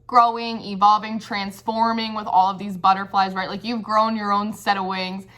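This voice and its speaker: A woman's voice: medium pitch, little pitch movement, normal speed, a bit bright. A woman giving a casual, chatty tarot reading, peppering her talk with "like" and giggling. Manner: chatty, says like constantly, giggly. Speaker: tarot reader.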